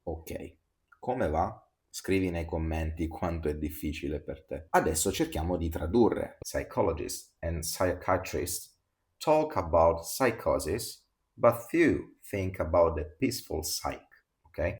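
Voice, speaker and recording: A man's voice: deep voice, expressive. A man with an Italian accent teaching pronunciation and drilling words for the listener to repeat. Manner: slow, drills words for repetition. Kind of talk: pronunciation lesson.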